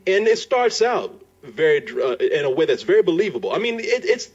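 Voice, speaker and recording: A man reviewing a movie in casual chat, retelling scenes with animated, laughing energy. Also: high voice, a little fast, husky. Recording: muffled lo-fi recording.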